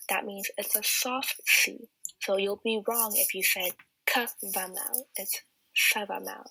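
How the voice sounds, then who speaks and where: A teenage girl talks through a beginner language lesson, explaining each point patiently and step by step. Her voice is bright and a little husky. It is recorded close and dry, with no room sound. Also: medium pitch, no echo, poor audio. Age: teens. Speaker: student tutor. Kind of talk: slide-based language lesson.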